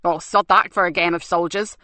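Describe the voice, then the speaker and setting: A woman's voice: lowish voice, fairly even intonation, brisk, sharp tone, dry recording. A woman voicing a blunt senior male police superintendent in an audiobook.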